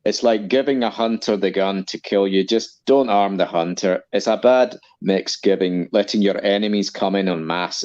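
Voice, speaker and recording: A man talking in a steady, deliberate, opinionated way in a casual chat, as a co-host. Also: deep voice, muffled recording.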